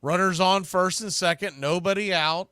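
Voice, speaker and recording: A man calling baseball play-by-play for a live stream watch party, talking through game strategy and getting louder on the big pitches. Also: fairly even intonation, normal speed, clean tone, no echo, clean studio sound. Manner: conversational, analytical, bursts louder on big pitches. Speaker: play-by-play announcer.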